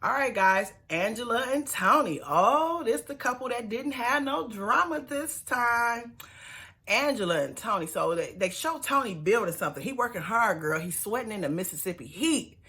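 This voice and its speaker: A woman's voice: a little high, lively intonation, moderate pace, sharp tone. A woman, casually recapping a reality show with sassy, mocking asides and bursts of laughter.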